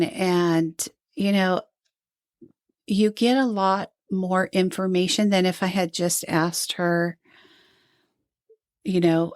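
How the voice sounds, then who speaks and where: A woman's voice: lowish voice, steady tone, slow, pauses often, dry recording, studio quality. An older woman, a retired nurse, talking earnestly in a podcast interview and telling stories from her work. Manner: earnest, storytelling, mimics moms she quotes. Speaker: guest, retired NICU nurse and lactation counselor.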